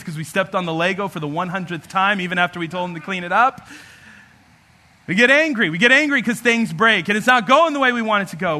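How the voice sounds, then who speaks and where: A man preaching a sermon as pastor, animated and humorous, acting out everyday scenes. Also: high-pitched.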